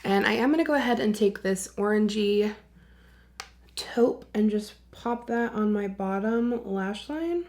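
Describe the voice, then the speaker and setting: A woman's voice: medium pitch, a little slow, darkish tone. A young woman chatting candidly as a beauty vlogger while she does her makeup at home, sometimes dropping to a whisper. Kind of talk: casual get-ready-with-me chat.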